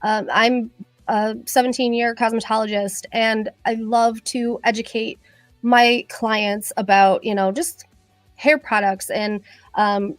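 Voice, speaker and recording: A middle-aged woman, a cosmetologist chatting with viewers on a live stream, excitable and rambling with many fillers. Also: a little high, a little slow, dry recording, soft background music. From Michigan. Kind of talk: casual live-stream chat.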